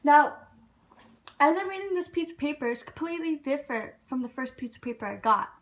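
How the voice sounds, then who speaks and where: A woman's voice: high-pitched, fairly quick. A young woman, telling a casual, frank and profane storytime vlog about getting fired. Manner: frank, profane, animated retelling.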